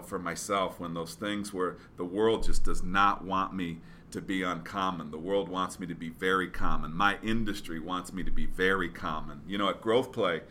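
A man's voice: deep voice, sharp tone, slight background noise. A man telling a motivational story in a casual, rambling way, with lots of fillers and restarts. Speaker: business speaker.

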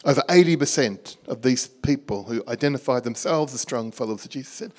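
A middle-aged Australian man preaching, telling a lively story and acting out the dialogue with a laugh in his voice. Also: mid-range voice, fairly quick, hardly any pauses. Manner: animated storyteller, acts out dialogue, laughs at himself. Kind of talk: storytelling sermon.

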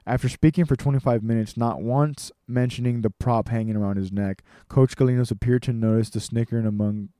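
A man reading a personal story aloud, measured and with dramatic pauses. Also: medium pitch, fairly even intonation, mellow, clear, resonant tone, no room sound, studio quality.

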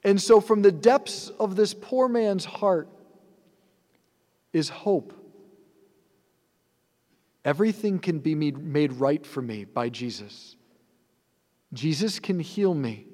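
A man's voice: fairly high pitch, expressive, takes it slowly, pauses often, dark tone. A man, a priest, giving a sermon in an earnest, conversational way with rhetorical asides. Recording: long hall reverb.

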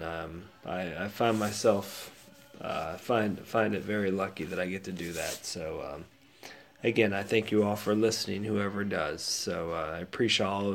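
A man hosting his own show, rambling casually with lots of fillers and restarts, sounding sad and subdued. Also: lowish voice. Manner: rambling, laid-back with many fillers and restarts. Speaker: podcast host. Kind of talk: casual solo monologue.

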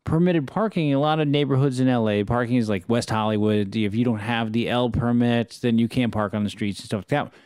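A man in casual conversation, telling animated stories about his neighbors and acting out their lines. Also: medium pitch, a little fast, hardly any pauses, clear, resonant tone, no room sound, clean studio sound. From Los Angeles area. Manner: animated anecdotes, mimics neighbors. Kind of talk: casual storytelling chat.

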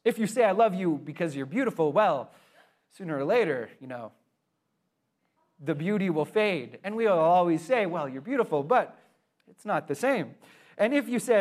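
Young male pastor, sermon delivery, earnest and conversational, slightly high voice. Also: animated, moderate pace, a little mellow. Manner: earnest, conversational preaching with emphatic swells.

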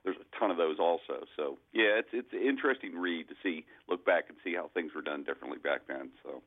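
A man's voice: deep voice, a little fast. A man who works as an auctioneer, chatting casually on a radio show in a chatty, storytelling way with easy laughs. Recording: tinny phone line.

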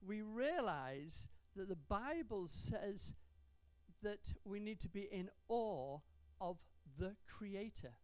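A woman preaching a sermon in a church, stretching out key words for emphasis and adding gentle humour. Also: medium pitch, sing-song, slow, dry recording.

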